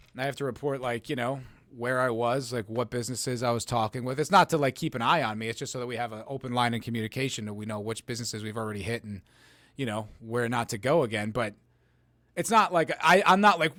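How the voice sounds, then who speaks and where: A man with a medium-pitched, fairly bright voice hosts a podcast with no room sound. He rambles through casual political commentary, reading viewer chat comments and answering them, with lots of "like" and "you know."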